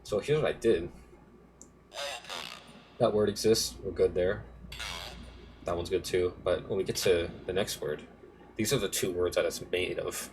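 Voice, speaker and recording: In this relaxed screen-capture tutorial, a young man who produces music tours his project file in a low, fairly even voice. He's unhurried and pauses often, drifting off on tangents and fixing his own slips in an offhand way, with noisy background sound throughout.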